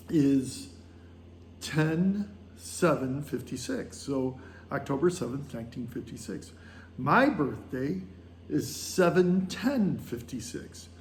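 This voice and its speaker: A man's voice: mid-range voice, gravelly, a little mellow, echoey room, slight background noise. A man in his sixties telling a story in a casual vlog monologue, rambling along with many fillers and small chuckles. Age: 60s. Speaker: vlogger on a pilgrimage.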